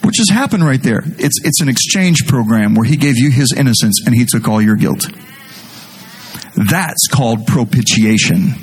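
A middle-aged man preaching a sermon as pastor, animated and jokey, speaking directly to his congregation. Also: mid-range voice, moderate pace, husky.

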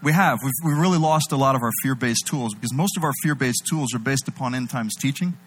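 A man preaching a sermon, animated, swinging between loud emphatic bursts and low intimate delivery. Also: quick pace, low-quality recording.

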